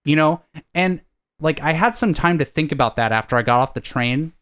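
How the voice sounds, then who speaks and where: An American man co-hosting a casual podcast, telling stories in an animated way and acting out his own reactions. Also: on the high side, brisk, clean tone. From United States. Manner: animated storyteller, acts out reactions. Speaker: co-host. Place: indoors, living in Japan.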